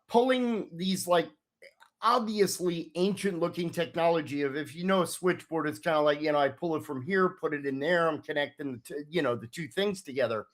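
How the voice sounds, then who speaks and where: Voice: medium pitch, brisk. A game master narrating a tabletop role-playing scene in a loose, rambling way with many fillers.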